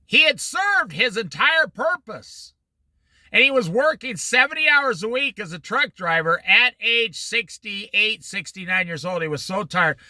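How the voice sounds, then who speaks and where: A middle-aged man teaching an informal Bible study, telling stories with lively quoted voices. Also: high voice, a little slow, no room sound. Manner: animated storytelling with quoted voices.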